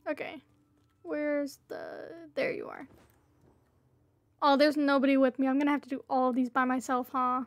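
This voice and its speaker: A high-pitched woman streams a game and chats away to her viewers in an easygoing, unhurried way. She playfully begs other players for help, and her voice sounds close and dry. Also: sing-song, no echo, faint music behind. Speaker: livestreamer. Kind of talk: casual gameplay livestream chat.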